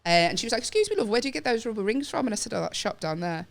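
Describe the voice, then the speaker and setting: A woman's voice: on the high side, big pitch swings, rapid-fire, gravelly. A woman with a Northern English accent chatting and telling stories as a podcast guest. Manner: chatty, laughing storyteller. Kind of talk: casual chat.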